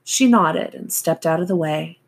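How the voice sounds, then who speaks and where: A woman narrating a novel as an audiobook reader, in a slow, even storytelling manner. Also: sits low, gravelly, husky.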